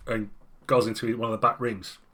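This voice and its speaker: A man narrates a tabletop game as its game master. His voice is bright, at an ordinary pitch. He describes scenes in a loose, casual way. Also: little pitch movement, fairly quick.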